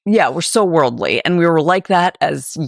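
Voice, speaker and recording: A woman's voice: fairly low pitch, animated, moderate pace, vocal fry, no echo, clean studio sound. A woman in her forties, a podcast co-host, talking through her opinions in a thoughtful, candid chat. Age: 40s. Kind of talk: casual discussion.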